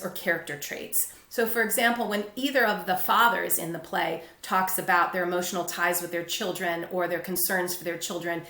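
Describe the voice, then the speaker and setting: A woman teaching a literature lesson, explaining patiently and clearly. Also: lowish voice, fairly bright tone, roomy sound. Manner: clear, patient explaining, with brief read-aloud quotes.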